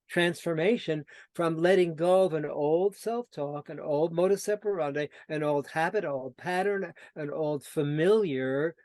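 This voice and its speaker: With a voice on the high side, this personal transformation coach guest tells stories in conversation, animatedly performing the dialogue he quotes. He sometimes repeats himself and restarts while groping for words. The sound is dry and close, with no room sound.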